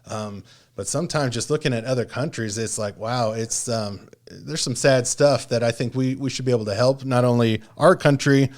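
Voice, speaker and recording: Fast-talking man hosting a chat. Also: mid-range voice. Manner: fast-talking, rambling with fillers. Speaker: podcast host. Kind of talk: casual conversation.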